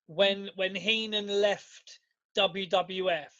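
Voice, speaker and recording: This is a man with a fairly high voice, chatting casually as a podcast co-host. He retells scenes with energy, laughs often and swears freely. The recording sounds dull and lo-fi. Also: fairly even intonation, takes it slowly, bright, forceful tone. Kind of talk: casual chat.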